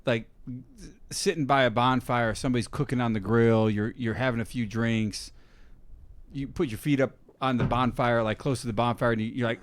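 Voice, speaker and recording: A man in the middle of a loose podcast chat, loud and animated, cursing freely and laughing through his stories. His voice sits at an ordinary pitch and is recorded close and dry in a studio, with no room sound. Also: moderate pace, no echo. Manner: animated, swears a lot, laughs often. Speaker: podcast co-host. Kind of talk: casual profane chat.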